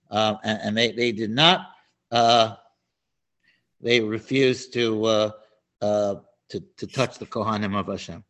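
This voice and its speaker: A man teaching a Torah class, animated and prone to restarts and asides. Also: on the low side, a little slow. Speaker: Bible teacher.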